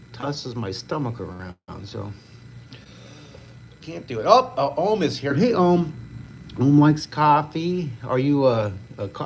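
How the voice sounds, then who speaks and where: An older man runs a live drawing lesson in a chatty, cheerful, encouraging way. His voice has a gravelly edge at a medium pitch. A faint hiss sits under the recording. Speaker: drawing teacher.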